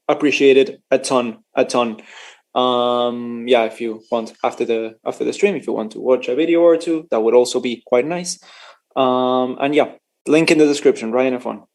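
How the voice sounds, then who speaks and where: A man's voice: mid-range voice, normal speed, darkish tone. Chatty, joking male stream commentator. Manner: chatty and joking, laughs often, stumbles over words. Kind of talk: casual live race watchalong commentary.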